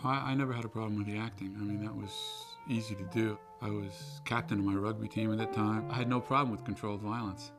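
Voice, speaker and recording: Gravelly lowish voiced actor dude, intense storyteller, bit of music behind. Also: male voice, fairly even intonation, quick pace, few pauses. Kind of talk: interview recollection.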